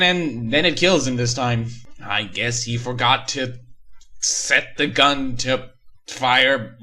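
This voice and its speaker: A man tears through a cheap horror story with sarcastic, profane comedy. His voice is bright and forceful and sits at an ordinary pitch for a man. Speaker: creepypasta reviewer. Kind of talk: comedic creepypasta reading and review.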